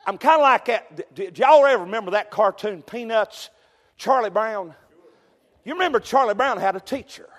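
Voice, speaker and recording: Pastor, high tenor, folksy sermon in a reverberant sanctuary. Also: male voice, lively intonation, normal speed. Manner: folksy storytelling, peppered with amen, rising to shouts. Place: church sanctuary.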